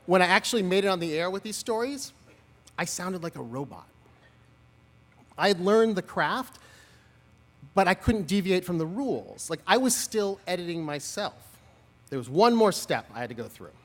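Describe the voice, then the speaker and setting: A man in his forties speaks at a podium at an outdoor graduation ceremony, his voice pitched high and swinging widely as he spins funny, self-deprecating stories. The PA throws a long reverb tail across the lawn behind each phrase. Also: normal speed, pauses often. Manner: animated, humorous, self-deprecating storytelling. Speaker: commencement speaker. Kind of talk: graduation speech.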